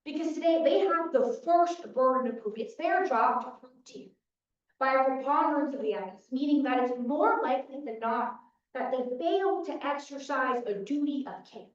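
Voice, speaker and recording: Playing defense attorney in a mock trial, a young adult woman makes a dramatic opening statement, recounting events in short, punchy sentences. Her high voice carries lively intonation at a moderate pace, and the hall recording is dull, echoey, and distant.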